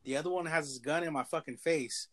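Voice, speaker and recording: A man telling a story from his past in casual, profane slang, animated and a little pitched up. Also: quick pace.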